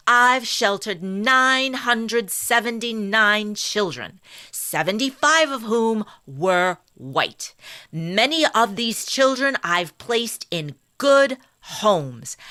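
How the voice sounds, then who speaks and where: A woman voicing a refined, high-class woman giving court testimony in a slow, genteel way. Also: sharp tone. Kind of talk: reading testimony aloud in character.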